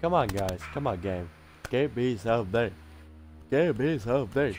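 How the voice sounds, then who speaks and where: A man giving casual gameplay commentary as the host of a gaming channel, rambling, excitable and self-mocking, swearing often. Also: mid-range voice, unhurried, faint music behind.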